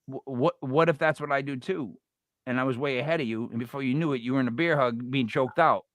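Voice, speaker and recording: A man in his forties with a bright, forceful voice, rambling and joking as he co-hosts a casual true-crime chat. He talks bluntly and drifts off topic, recorded close and dry with no room sound. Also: medium pitch, fast, dry recording. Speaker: podcast co-host.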